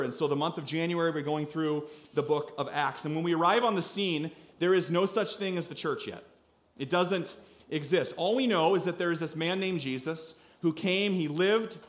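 Animated high-voiced male pastor. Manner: animated storyteller, acts out quotes loudly. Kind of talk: sermon with a personal story. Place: church.

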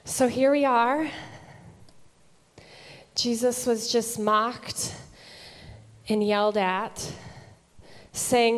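A woman giving a slow, dramatic devotional reflection, pausing long and dropping to a near whisper. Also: fairly high pitch, steady tone. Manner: long pauses, drops to a near whisper on quoted words. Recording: long echo of a large hall.

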